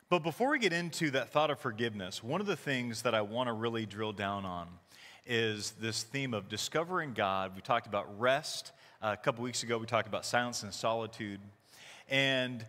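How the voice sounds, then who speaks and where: A man in his thirties preaching a casual, conversational sermon as the church's pastor, telling stories with animated quoted voices. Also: mid-range voice. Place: church sanctuary. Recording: long hall reverb.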